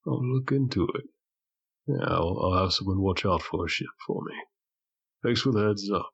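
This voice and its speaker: A man's voice: deep voice, moderate pace, creaky, a bit bright, slightly rough, dull audio, pitched above the performer's own voice, heavily acted. A man voicing a friendly, easygoing male tavern keeper.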